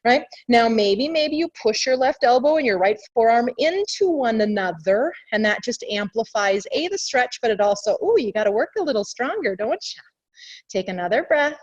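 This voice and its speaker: A yoga instructor's slightly high, expressive voice comes through dull audio at a normal speed on a video call mic. She gives class cues chattily, keeps correcting herself and sounds somewhat breathless as she follows along.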